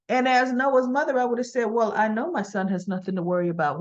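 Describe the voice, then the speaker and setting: A woman's voice: on the high side, moderate pace, highs cut off. A woman hosting a casual recap show, retelling the scenes in a chatty way and acting out the characters' lines as quotes. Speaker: soap opera recap host. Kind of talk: casual chat.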